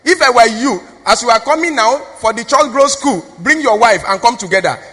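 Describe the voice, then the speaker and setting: A woman's voice: fairly high pitch, expressive, brisk, a bit bright, slightly rough. A woman with a Nigerian accent preaching a sermon in a church, exhorting the congregation with call-and-response questions. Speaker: preacher, pastor's wife. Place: church hall. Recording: long reverb of a church hall.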